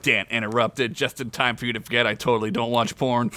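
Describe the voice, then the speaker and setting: Bright-voiced man reading a comic story. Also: medium pitch, measured pace, pauses often. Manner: breaks into laughter while reading, jokey asides. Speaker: podcast host reading his own comic story.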